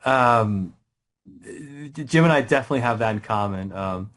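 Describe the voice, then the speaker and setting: A man, a guest writer in a casual interview, telling stories with lots of restarts, quick laughs and rising excitement. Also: mid-range voice. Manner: animated storytelling, many restarts, laughs often.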